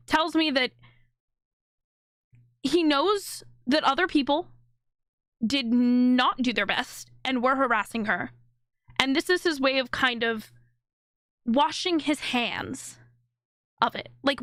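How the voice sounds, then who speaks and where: A woman's voice: sits high, slow pace, long pauses, a bit bright, dry recording, clean studio sound. A woman streamer giving live reaction commentary on a video, blunt and indignant, swearing freely.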